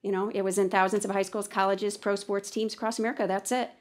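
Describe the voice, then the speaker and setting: In front of a class, a woman models a think-aloud, alternating animatedly between reading a passage and saying what she thinks about it. She's a teacher trainer with a mid-range voice who talks fast.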